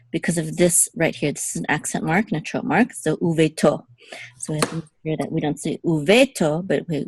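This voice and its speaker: A woman with a slightly low voice gives a patient lesson, recorded close up in a dry space. She explains step by step and repeats key words slowly so learners can copy them. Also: a little mellow, no room sound. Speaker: Hebrew teacher. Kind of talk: teaching lesson.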